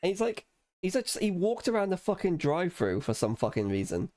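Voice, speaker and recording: Lively, swearing man telling stories. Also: high-pitched, brisk. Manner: swears freely, lively storytelling, acts out quotes. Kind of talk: casual chat.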